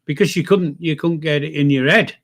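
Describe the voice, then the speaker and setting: A man's voice: on the high side, a little fast, a bit bright. Easygoing older Yorkshire man. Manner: easygoing, agreeable, short replies. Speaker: co-host. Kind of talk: casual live-stream chat.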